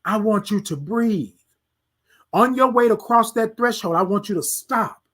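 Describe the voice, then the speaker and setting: A man hosts a motivational talk in a high, husky voice. He repeats his lines like a preacher and slips into quiet, murmured self-talk. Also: measured pace. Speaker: podcast host.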